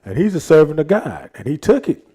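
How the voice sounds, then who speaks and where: A man's voice: a little high, big pitch swings, fairly quick, warm tone, breathy edge. A man leading a Bible study in a casual, slangy, laid-back way, retelling scripture in everyday talk.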